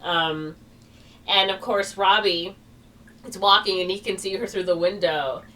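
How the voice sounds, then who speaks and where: With a mid-range, bright, forceful voice and an unhurried pace, a woman co-hosting a podcast rambles through a plot retelling, leaning heavily on "like" and "or whatever". She's picked up on a distant mic with faint background noise.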